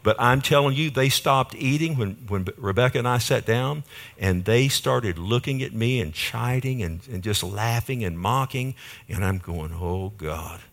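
A man's voice: mid-range voice, moderate pace, fairly bright tone. An older man preaching a sermon, telling a folksy story and asking the congregation for an amen. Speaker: pastor.

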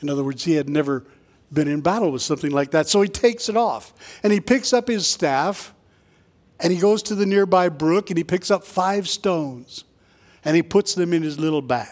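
A man preaching a sermon in a conversational way, tossing in quick asides and jokes for the congregation. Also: a little high, expressive. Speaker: pastor.

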